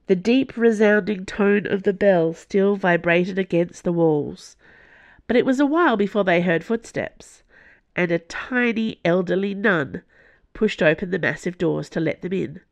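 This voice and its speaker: A woman narrating an audiobook in a slow, measured reading. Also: lowish voice, creaky, no room sound.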